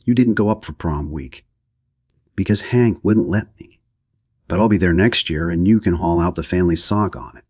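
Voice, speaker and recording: A man's voice: low-pitched, moderate pace, darkish tone, breathy edge, dry recording, clean studio sound. An audiobook reader, a man, voicing a pert and defiant teenage girl. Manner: pert and scornful.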